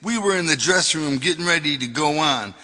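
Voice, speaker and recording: A man's voice: on the high side, lively intonation, brisk, sharp tone, big-room sound. Profane man reading his own memoir. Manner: profane, wisecracking storytelling. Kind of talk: audiobook narration of memoir.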